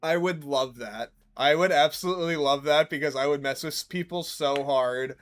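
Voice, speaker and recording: A man's voice: on the high side, moderate pace, soft background music. A young man giving casual, self-mocking gameplay commentary, rambling and profane. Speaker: gaming streamer.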